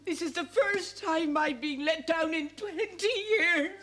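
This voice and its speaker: A woman's voice: very high-pitched, unhurried, crowd noise. A blunt, stern older village woman. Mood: indignant. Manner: blunt and indignant. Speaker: flower festival organiser.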